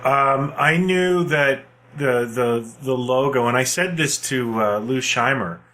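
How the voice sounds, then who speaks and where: A middle-aged man co-hosting a podcast, telling animated anecdotes and laughing as he talks. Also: medium pitch, slow, slight background noise. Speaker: podcast co-host. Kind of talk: casual nostalgic chat.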